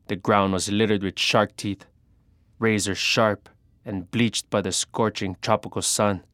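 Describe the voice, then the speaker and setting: A man narrating an adventure story in the first person, measured and dramatic. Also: fairly low pitch, fairly bright tone, clear, resonant tone, no room sound, clean studio sound.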